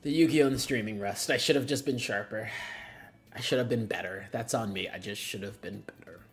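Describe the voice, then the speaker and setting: A streamer talking casually while playing, swearing freely and laughing at their own mistakes, lurching between loud outbursts and quiet muttering. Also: medium pitch, fairly quick.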